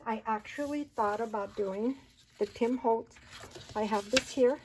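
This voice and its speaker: A woman whose voice is on the high side talks a little slowly as she leads a casual paper-craft tutorial. She chats and counts aloud while folding and cutting, and the recording includes noise and handling clicks.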